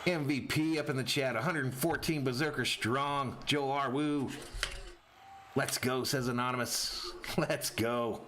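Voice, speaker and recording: A man hosting a live fan play-by-play stream, calling the game and reading chat messages with excitable energy. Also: medium pitch, a little slow, slight background noise. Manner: excitable, rises sharply on big plays.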